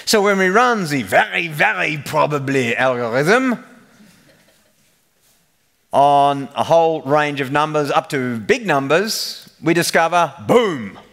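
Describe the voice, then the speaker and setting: A conference speaker gives a humorous technical presentation, spinning the story like a joking storyteller. His voice is fairly high, gravelly, and fairly bright, animated yet slow.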